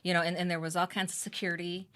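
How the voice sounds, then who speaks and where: A woman's voice: lowish voice, racing. A middle-aged woman, a band member's mother, chatting as an interview guest and quoting her own words as she recounts events. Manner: chatty, animated, quotes herself. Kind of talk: casual storytelling.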